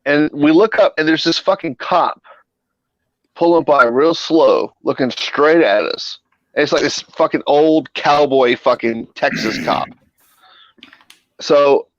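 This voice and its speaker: A man's voice: a little high, no echo, muffled recording. A man guest on a live stream, telling a wild anecdote with constant swearing. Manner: profane, animated anecdote telling. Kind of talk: casual storytelling on a live stream.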